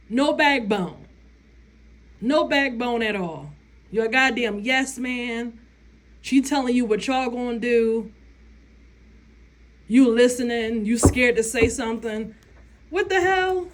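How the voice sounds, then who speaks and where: A woman's voice: fairly high pitch, slow, long pauses. A woman vlogger, giving blunt, profane opinions in a casual rant and laughing often.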